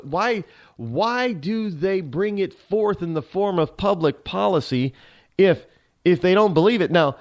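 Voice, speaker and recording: Sarcastic rambling male talk radio host. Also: high-pitched. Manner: sarcastic, rambling, with many restarts and fillers. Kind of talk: opinionated talk radio monologue.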